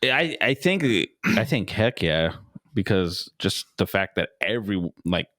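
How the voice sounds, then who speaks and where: A man's voice: low voice, very animated, a little slow, fairly bright tone, no room sound, studio quality. A man co-hosting a podcast in casual chat, bantering playfully and laughing often. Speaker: podcast co-host.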